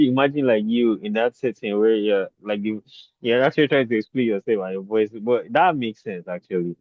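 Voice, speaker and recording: A man hosting a podcast in casual conversation, relaxed, laughing often and pausing on fillers. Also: fairly low pitch, no room sound, highs cut off.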